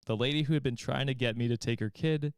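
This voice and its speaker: A man's voice: mid-range voice, fast, clear, resonant tone, no room sound, studio quality. A man hosting a podcast, reading a story aloud and chatting, often breaking into laughter. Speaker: podcast host reading stories. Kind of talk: reading aloud and casual chat.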